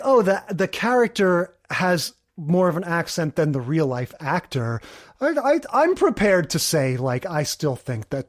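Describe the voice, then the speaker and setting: A man co-hosting a podcast in casual chat, hedging his views with fillers like "you know". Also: fairly high pitch. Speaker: podcast co-host.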